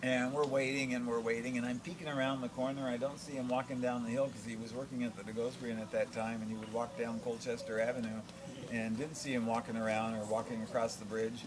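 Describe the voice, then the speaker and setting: An older man from Vermont telling a childhood story to family, chuckling and animated as he goes. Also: medium pitch, quick pace, noisy background. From Vermont, USA. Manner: chuckling, animated, laughs through his lines.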